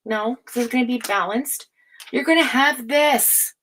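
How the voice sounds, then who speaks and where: A woman giving a tarot reading in a forceful, profane, scolding pep-talk manner, with many fillers and restarts. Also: fairly high pitch, unhurried, a little hiss or hum. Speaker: tarot reader. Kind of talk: casual spoken tarot reading to camera.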